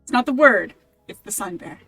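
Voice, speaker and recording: A woman's voice: medium pitch, animated, normal speed, sharp tone, husky, no echo, soft background music. A woman running a tabletop game as game master, rambling with many restarts.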